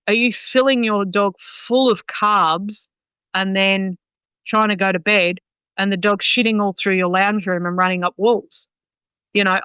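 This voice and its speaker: Blunt, sweary woman, bright and crisp. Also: mid-range voice, no echo, low-quality recording. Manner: blunt, sweary, talks with many "um"s. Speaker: guest dog trainer. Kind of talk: casual podcast chat.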